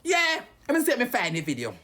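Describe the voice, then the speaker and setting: A woman's voice: on the high side, wildly swooping pitch, brisk, a bit bright. A Jamaican woman ranting heatedly and cursing on a live stream.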